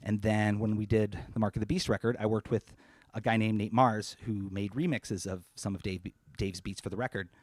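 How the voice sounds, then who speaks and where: A man speaking softly and casually in his apartment, then rapping over a beat during a live stream concert. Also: lowish voice, fairly even intonation, moderate pace, no room sound. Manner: soft, rambling spoken asides. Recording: loud hip hop backing music.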